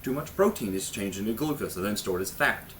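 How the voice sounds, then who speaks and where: A man hosts a casual health vlog, and his pitch rises and falls a lot as he talks. He is awkward and pokes fun at himself, drifting into jokey asides. A faint room hum sits behind his voice. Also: expressive, fairly quick, a bit bright. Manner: awkward and self-mocking. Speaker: host of a health ministry channel.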